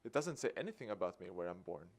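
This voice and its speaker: A fast talker with a voice that sits low, this man from Sweden is an activist telling a story in a public talk. He acts out the dialogue with a lively chuckle.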